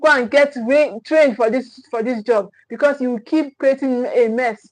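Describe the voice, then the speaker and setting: Emphatic high-voiced woman coach. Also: measured pace, a little mellow, rough recording. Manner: emphatic and repetitive, preacher-like. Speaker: parenting coach. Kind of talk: motivational parenting talk.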